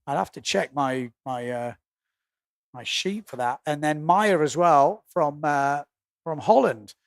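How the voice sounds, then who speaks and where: A man's voice: a little high, no echo, studio quality. A man with an English accent doing live windsurfing commentary, joking and laughing easily between calls. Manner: jokey, laughs easily, quick asides. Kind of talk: live sports commentary and banter.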